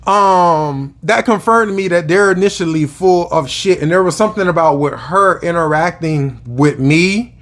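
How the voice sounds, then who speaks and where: A man's voice: a little high, moderate pace, few pauses, a bit bright. Profane man venting to camera. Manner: casual, profane, rambling with fillers. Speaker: spiritual vlogger.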